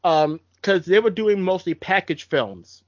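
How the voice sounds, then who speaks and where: A man's voice: sits high, lively intonation, a little slow, no room sound, lo-fi sound. A young adult man co-hosting a podcast, rambling a little with restarts as he talks film history. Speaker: podcast co-host. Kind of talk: casual chat.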